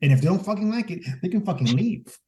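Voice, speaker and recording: A man's voice: high-pitched, animated, fast talker, dark tone. A man in a podcast discussion, speaking bluntly and with profanity. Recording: voice distant from the mic.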